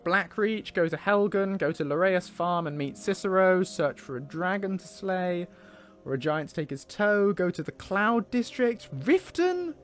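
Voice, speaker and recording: A man's voice: high-pitched, animated, a little slow, soft background music. A man casually narrating and thinking aloud while playing a game, with fillers and self-corrections.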